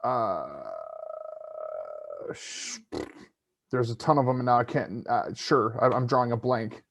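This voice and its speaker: A man's voice: medium pitch, expressive, unhurried. A man from South Dakota co-hosting a podcast, talking casually with many "uh"s and restarts and some easy swearing. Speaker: podcast co-host. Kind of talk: casual live-stream chat.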